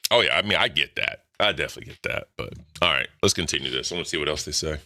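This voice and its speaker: A man's voice: extremely low pitch, expressive, racing, pushed and bright, dry recording. A man hosting a podcast in casual, profane, rambling banter. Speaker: podcast host. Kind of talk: casual crude commentary.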